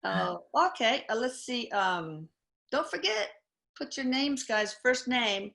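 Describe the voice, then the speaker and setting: A woman hosting a live Q&A, reading viewer questions aloud and tossing in quick casual asides. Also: a little high, creaky, a bit bright. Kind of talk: live Q&A chat.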